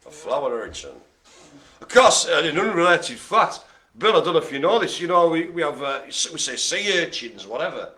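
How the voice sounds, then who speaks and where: Guy running a live bingo, bright voice, cracking bad jokes, swoopy pitch. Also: big pitch swings, moderate pace. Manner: playful, punning, laughing often. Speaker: bingo host. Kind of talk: jokey live bingo calling. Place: care home activity room.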